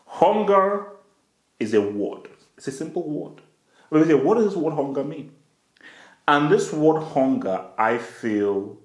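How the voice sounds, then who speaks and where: A man's voice: medium pitch, a little mellow, reverberant. A man hosting a football channel, giving a playful commentary monologue and acting out imagined conversations, dropping to whispers and jumping to yelps.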